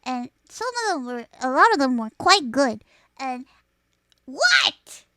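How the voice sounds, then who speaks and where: An adult woman streamer telling a story to her chat in a crude, profane and animated way, close to a desk mic. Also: sits high, moderate pace, clean tone, no room sound.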